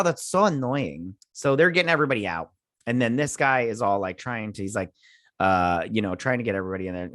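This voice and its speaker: A man recaps a TV episode in a loose, rambling way, full of ums and uhs. His voice sits at an ordinary middle pitch. The sound is close and dry, with no room around it. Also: no echo. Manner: rambling, many fillers, quotes characters in a flat voice. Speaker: show host reviewing a TV episode. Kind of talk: casual recap and review.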